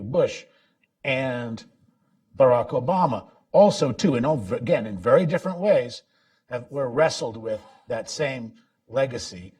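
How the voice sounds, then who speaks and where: A man giving a public talk about his book, halting with many restarts and sudden bursts of emphasis. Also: mid-range voice, a little mellow, far from the mic. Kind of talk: public lecture. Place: lecture event.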